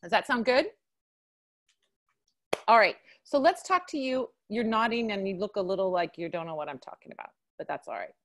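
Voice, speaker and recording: A woman's voice: mid-range voice, animated, a little fast, fairly bright tone. A woman hosting a live video call chat, bubbly, laughing often and talking in bursts. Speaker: host.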